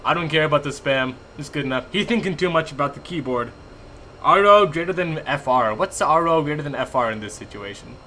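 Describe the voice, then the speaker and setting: A young man with a fairly high, bright, forceful voice calls a live game from his home attic. He is excitable, laughs a lot and talks straight to his chat, with faint hiss and room sound behind. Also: fairly quick. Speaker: esports caster.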